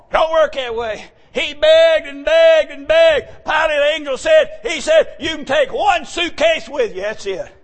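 A man delivers a fervent revival sermon in a church, his voice sitting unusually high. He drops to low murmurs, then breaks into shouted lines and joyful whoops. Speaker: preacher.

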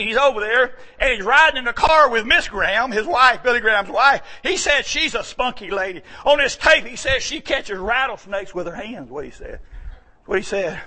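A man from the American South preaching a folksy sermon, moving between quiet asides and shouted exclamations. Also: very high-pitched. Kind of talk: sermon storytelling.

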